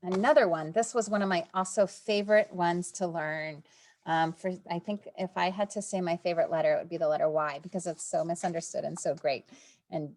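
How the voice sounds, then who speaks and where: A first grade teacher presenting spelling rules in an online meeting, explaining step by step with fillers. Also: female voice, lowish voice, a little mellow.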